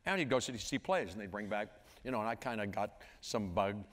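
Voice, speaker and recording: A lower-voiced man in his sixties from Pittsburgh tells stories from a stage, drifting through halting asides. His voice rings out in the long reverb of a large hall, with an audience present. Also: expressive. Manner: meandering, halting, with sung scat sounds. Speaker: interview guest. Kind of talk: storytelling onstage conversation. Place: large auditorium.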